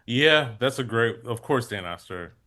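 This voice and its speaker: A man appearing as a guest comedian on a podcast, telling stories in a rambling, animated way with many fillers. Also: medium pitch, a little slow. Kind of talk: casual chat.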